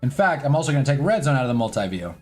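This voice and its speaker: A man at his desk mic hosts a live sports stream in casual talk. His voice sits at an ordinary middle pitch, and he rambles loosely, swearing as he chats with his viewers. Faint music plays softly under him. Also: sing-song, rapid-fire. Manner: loose and chatty, swears, talks to chat. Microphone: own desk mic.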